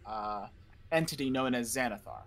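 A man narrating a tabletop game as dungeon master, explaining in a halting way with fillers. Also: medium pitch, a crowd in the background.

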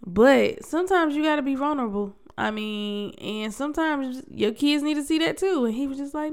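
A woman's voice: sits high, normal speed, hardly any pauses. A young adult woman hosting a solo podcast, talking candidly in a slangy, conversational way with frequent restarts. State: congested. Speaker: podcast host. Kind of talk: casual solo podcast talk.

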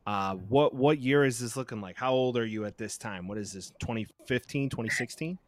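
A man's voice: medium pitch, fairly quick, dry recording. A man hosting a podcast, asking casual questions in a rambling way and repeating words as he goes. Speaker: podcast host.

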